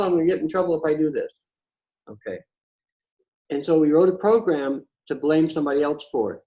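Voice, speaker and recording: The host of a patio chat tells stories casually and conversationally, blunt and profane, often stammering and starting sentences over. His voice is a little high with a dark tone, and the recording is rough.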